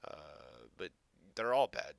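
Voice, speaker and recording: A man's voice: low voice, big pitch swings, takes it slowly, gravelly, dry recording. A man hosting a casual reaction video, sarcastic and swearing, mocking what he quotes.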